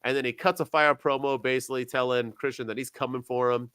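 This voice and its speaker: A young man co-hosting a casual wrestling podcast, talking with sarcasm and swinging between loud bursts and quiet asides. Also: mid-range voice, fast, smooth, no echo. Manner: animated, sarcastic, jumps between loud and soft. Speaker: podcast co-host.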